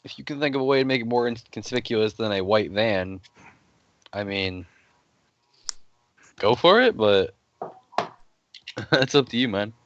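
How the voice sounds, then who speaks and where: A man's voice: on the low side, moderate pace, pauses often, a bit bright, no room sound. A man chatting offhandedly as a player in a tabletop game, often laughing. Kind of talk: casual chat during a tabletop game. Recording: dull lo-fi recording.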